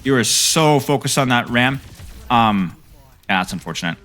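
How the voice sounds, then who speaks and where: A man's voice: mid-range voice, expressive, normal speed, fairly bright tone, faint music behind. A young man coaching a player through game footage, trading playful banter with his stream chat between tips.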